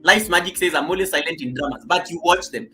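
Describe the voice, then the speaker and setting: A man hosting a casual live stream from his home set, greeting viewers by name and reading chat comments, with loud bursts of welcome between quiet asides into a laptop mic. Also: fairly high pitch, fast talker, soft background music, poor audio.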